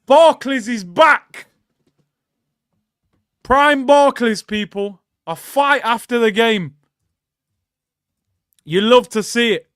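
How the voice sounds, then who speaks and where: Man, watchalong host; high, smooth voice, excitable, shouty live reactions. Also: slow, pauses often, no echo, clean studio sound. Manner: excitable, bursts into loud shouts; chatty, addresses viewers as "people".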